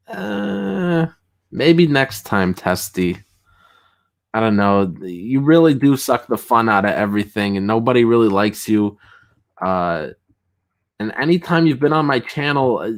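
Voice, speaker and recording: A young man talks casually to his livestream chat, reading messages aloud with a mid-range voice. He laughs a lot and gets loud and riled up when something annoys him. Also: mid-range voice. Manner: chatty, excitable, laughs often, rising to shouts when riled. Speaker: streamer host reading chat.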